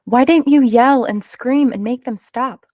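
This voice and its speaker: A woman's voice: high-pitched, measured pace, darkish tone, dry recording, clean studio sound, pitched above the performer's own voice. A woman doing a bold, insistent little girl. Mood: curious. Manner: insistent, raised voice. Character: determined young girl, bold and stubborn.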